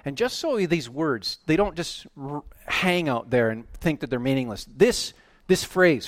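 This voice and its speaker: A man preaching a sermon, animated and emphatic, often rising to loud, excited peaks. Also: fairly high pitch, moderate pace, no echo, studio quality. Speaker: pastor.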